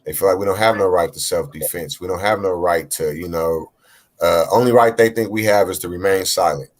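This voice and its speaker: A man's voice: sits low, a little fast. A man telling a personal story in a casual panel discussion, with frequent fillers. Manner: plain storytelling with many fillers. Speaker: panel guest.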